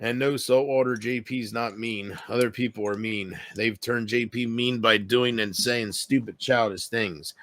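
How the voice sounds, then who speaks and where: A man's voice: mid-range voice, fairly even intonation, unhurried, hardly any pauses, fairly bright tone, no room sound. A man chatting casually on his own livestream at home, rambling and self-deprecating as he talks straight to his viewers. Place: home room. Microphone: computer mic with headphones.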